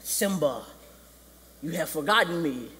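A solemn, commanding lion king father speaking from beyond, as a preacher puts him on, a little lower than the man's high voice. A long hall reverb trails each word. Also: animated, measured pace, pushed and bright.

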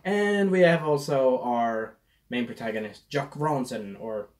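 A man's voice: mid-range voice, measured pace. A man casually reviewing a movie, rambling and losing his train of thought, with a scratchy throat.

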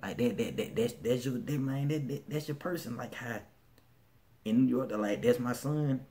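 A man's voice: medium pitch, moderate pace, dark tone. A man with a Birmingham, Alabama accent chatting casually in a vlog, laid-back and slangy, often restarting his sentences. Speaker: vlogger.

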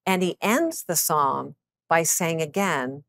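A woman in her fifties with a somewhat low speaking voice delivers a scripted devotional in a dry, close sound. She reads scripture passages slowly and with deliberate emphasis. She addresses the listener earnestly and encouragingly. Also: animated, vocal fry, a bit bright, no echo. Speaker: clinical psychologist and author.

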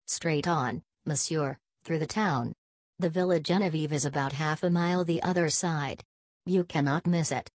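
A woman's voice: sits low, moderate pace, darkish tone, no room sound, clean studio sound. A woman reading the part of a polite, helpful townsman giving directions in an audiobook.

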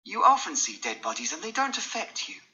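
A man doing a young gentleman who hides things and pleads with rising urgency. The voice sits higher than a plain reading, bright and edgy. The recording is dull and lo-fi. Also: huge pitch swings, brisk, exaggerated voice. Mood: urgent pleading. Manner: pleading, pitched up high when desperate. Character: young gentleman, secretive, desperate, manipulative.

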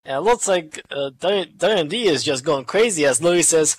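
A commentator calling a virtual wrestling show in casual play-by-play, excitable and swearing freely. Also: mid-range voice, husky, dry recording. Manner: excitable, swearing, quick asides.

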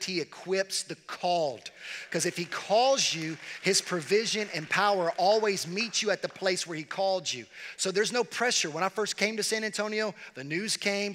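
A middle-aged man preaching a sermon as pastor, animated and repeating phrases as he speaks straight to the congregation. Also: a little high, a little hiss or hum. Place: large church sanctuary. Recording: long reverb of a large hall.

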